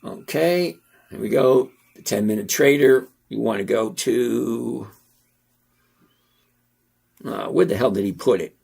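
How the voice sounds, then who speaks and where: A middle-aged man hosting a stock trading channel, walking through numbers on screen in a casual, teasing, sarcastic way and repeating points slowly for emphasis. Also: mid-range voice, creaky, darkish tone, slightly rough.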